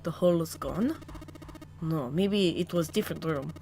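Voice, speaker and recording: A woman voicing a troubled grown man with lost memories, an ex-cop, reading a visual novel aloud in a halting, searching way. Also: deep voice, vocal fry, dark tone, slight background noise, voice pushed down. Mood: explaining.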